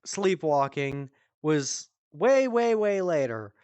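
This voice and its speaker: Smooth-voiced young man telling crude stories. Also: a little high, very animated, slow, darkish tone, dry recording. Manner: profane, rambling, laughs at his own stories. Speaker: streamer comedian. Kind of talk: casual comedic storytelling. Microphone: headset.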